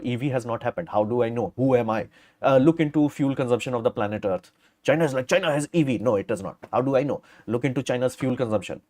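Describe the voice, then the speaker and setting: A middle-aged man hosts a casual live stream, answering viewer questions bluntly and ramblingly, with lots of fillers. His voice is medium pitch with a darkish tone.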